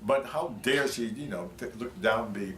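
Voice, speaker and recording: An older man from Pennsylvania, telling animated anecdotes as an interview guest, with many fillers and restarts. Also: medium pitch, normal speed. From Pennsylvania, USA. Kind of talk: anecdotal storytelling. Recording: roomy, distant mic, faint noise.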